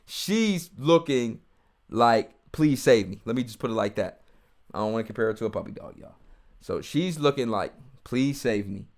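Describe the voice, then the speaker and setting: A man's voice: mid-range voice, normal speed. A man giving casual, heated commentary on a video and talking straight to his viewers. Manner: animated, talks straight to viewers, heated and mocking.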